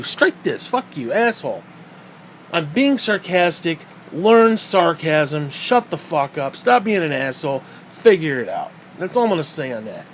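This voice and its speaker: A man's voice: a little high, sing-song, normal speed, slight background noise. Profane sarcastic man ranting heatedly. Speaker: vlogger.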